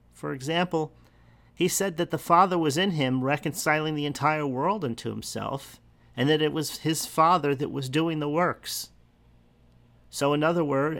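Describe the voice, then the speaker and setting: A man preaching a sermon, teaching in an earnest, unhurried way with pauses and restarts. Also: mid-range voice, creaky, a bit bright.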